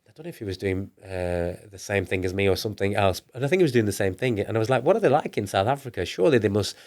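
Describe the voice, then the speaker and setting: He's a fast-talking entrepreneur from northern England with a fairly low voice, loosely recounting his business journey on a laid-back podcast. Expect restarts, repetition, and performed quotes of what he and other people said.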